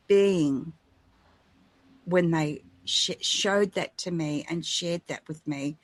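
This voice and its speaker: A woman co-hosting a spiritual radio show, speaking softly and reassuringly. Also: lowish voice, no echo. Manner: soft-spoken and reassuring. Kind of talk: gentle spiritual encouragement.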